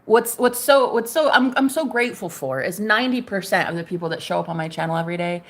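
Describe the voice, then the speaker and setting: A woman's voice: fairly low pitch, quick pace. A woman vlogger delivering a sassy, profane rant straight to camera, mocking her critics and laughing often. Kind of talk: ranting monologue to camera.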